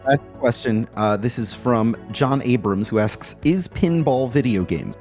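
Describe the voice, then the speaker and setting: A man's voice: mid-range voice, expressive, a little slow, a little mellow, soft background music. A man hosting a game podcast, reading listener questions aloud with wry asides. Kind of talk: casual chat.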